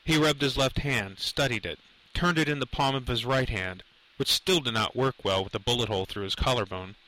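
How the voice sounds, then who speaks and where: A male audiobook narrator reads a suspenseful novel in a measured, dramatic way. His voice sits in an ordinary middle pitch with a bright, forward tone. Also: low-quality recording. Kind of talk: scripted narration.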